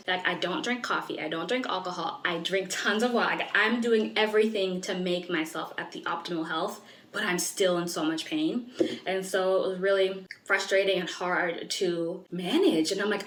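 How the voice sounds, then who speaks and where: A woman's voice: fairly low pitch, a bit bright. A woman in her twenties, a medical student, telling a personal story in a candid, earnest vlog with many "like" fillers. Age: 20s. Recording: roomy echo.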